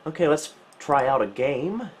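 A man hosting a retro computer channel, giving casual gameplay commentary with relaxed, wry, self-mocking asides. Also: fairly high pitch, moderate pace.

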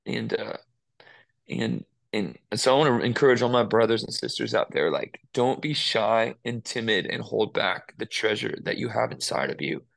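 Earnest gravelly-voiced man in conversation. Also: on the low side, lively intonation, normal speed, a bit bright. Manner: earnest, emotional, rambling with restarts. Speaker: worship musician. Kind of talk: casual interview talk.

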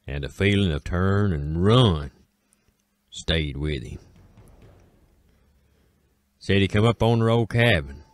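Deep deep voiced appalachian guy drawling out an old story. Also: takes it slowly, pauses often, no echo. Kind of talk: folksy spoken storytelling.

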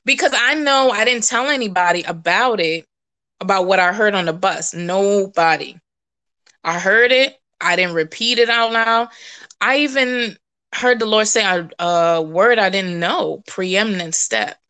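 Bright-voiced woman giving animated testimony. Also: a little slow. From West Indian. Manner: animated, laughing, jumps to high exclamations. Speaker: prophetic preacher. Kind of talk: casual testimony livestream.

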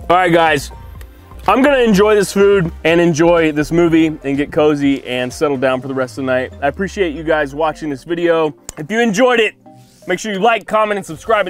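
A man casually chatting to the camera in a van vlog in a playful, joking manner. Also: on the high side. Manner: playful, talks to his dog, sings goofily. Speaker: vlogger. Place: camper van in winter.

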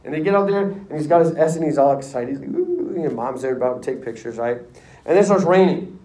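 A male history teacher telling a lively classroom story in casual slang, acting out voices. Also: fairly high pitch, fast talker. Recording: echoey room, distant mic.

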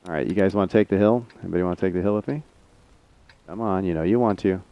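A man with a low, gravelly voice and a dark, mellow tone, commentating his own tank game live. He chats excitably with teammates and reads out viewer messages, with a faint hiss under the sound. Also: fast. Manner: chatty, excitable, talks to teammates and chat. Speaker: game streamer.

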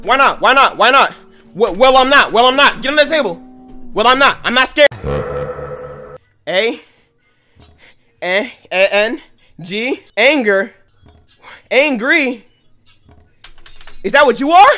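A gamer playing a horror game, jumpy and yelling, taunting and then pleading with the game, spelling out letters aloud. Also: mid-range voice, lively intonation, normal speed, slight background noise. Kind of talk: let's-play commentary.

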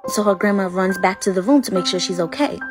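A woman's voice: mid-range voice, quick pace, over music. Give me a woman narrating a spooky tale in a casual, suspenseful way. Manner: dramatic, suspenseful. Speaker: storyteller. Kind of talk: casual spoken ghost story.

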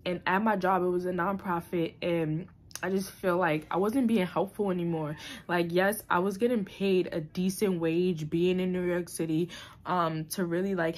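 Young woman vlogger, low-pitched and candid, reflective, slips into emotion, lots of ums and restarts. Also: fairly even intonation, normal speed, darkish tone. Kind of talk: candid personal vlog. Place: New York City.

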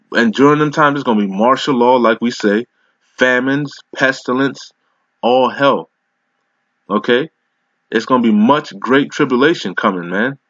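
Profane scolding preacher, muffled dry audio. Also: male voice, medium pitch, fairly bright tone, dry recording. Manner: harsh, profane, scolding, slows to read verses. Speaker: street preacher. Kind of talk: confrontational sermon with scripture reading.

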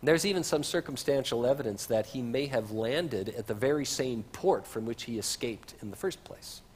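A man's voice: medium pitch, expressive, moderate pace, a little hiss or hum. A man preaching a sermon as pastor, in a conversational way with casual asides, in a church sanctuary. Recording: reverberant church livestream.

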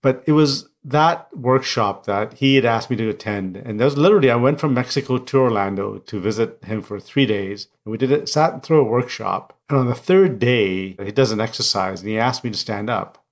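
A middle-aged man, not a native English speaker, recounting personal stories in an interview. He speaks candidly and reflectively in a voice of ordinary pitch for a man. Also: normal speed, hardly any pauses. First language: non-English first language. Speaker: guest, coach and speaker.

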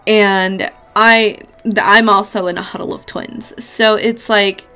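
A woman's voice: medium pitch, steady tone, slow, sharp tone, smooth, faint music behind. A woman giving a casual pick-a-card tarot reading, chatty and affectionate, with casual swearing. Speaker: tarot reader.

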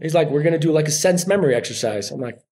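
A podcast guest tells stories casually and with animation, acting out the voices of the people he quotes. His fairly high voice comes out rapid-fire.

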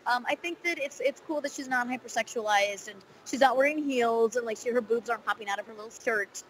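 A woman voice actor answering interview questions in a candid, lively way, with frequent fillers. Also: on the high side, fast, a little hiss or hum, low-quality recording.

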